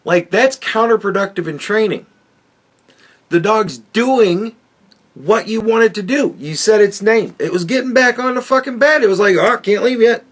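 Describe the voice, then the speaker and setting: A podcast host tears into what he is watching, swearing constantly and mocking as he goes. His voice sits a little high for a man. The tone stays casual and scornful. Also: expressive, moderate pace, fairly bright tone. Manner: crude, heavy swearing, mocking. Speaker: podcast host reacting to a clip. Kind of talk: profane ranting commentary.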